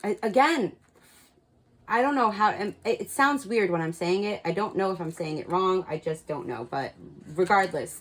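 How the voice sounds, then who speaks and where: Giving casual spiritual guidance to camera, this tarot reader has a fairly low, expressive voice and speaks at a normal speed. She lays out cards and tells viewers frankly what she sees, cursing openly and doubling up words to drive points home. Audio quality is rough.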